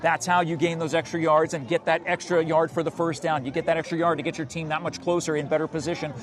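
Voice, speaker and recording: A man doing live play-by-play at a high school football game, talking in a chatty, enthusiastic way and slipping in jokes. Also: little pitch movement, fast. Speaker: play-by-play commentator. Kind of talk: live sports commentary.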